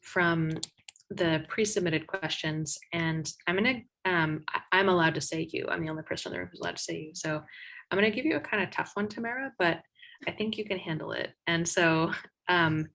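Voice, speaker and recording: A woman's voice: lowish voice, fairly quick, a bit bright, poor audio. A woman moderating an online debate, chatty and playful while reading out audience questions.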